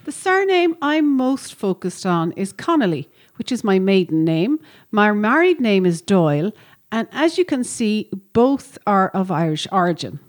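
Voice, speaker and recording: A woman reading aloud a friendly letter from an Australian listener, in a plain, warm reading voice. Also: medium pitch, sing-song, unhurried.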